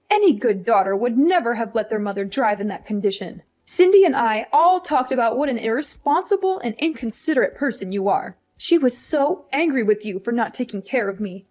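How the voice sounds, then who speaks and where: A woman's voice: fairly high pitch, darkish tone. A woman voicing a demanding, guilt-tripping older mother in a hospital bed, in a scripted story drama, with a scolding, condescending manner. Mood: blaming. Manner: scolding, condescending, self-pitying.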